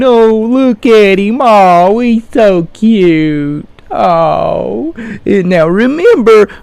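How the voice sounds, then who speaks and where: A young man hosts his own podcast alone, ranting in a mocking tone with sudden loud bursts of passion. He talks at a slow, drawn-out pace in a fairly high voice. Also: no room sound. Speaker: podcast host. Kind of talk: solo podcast rant.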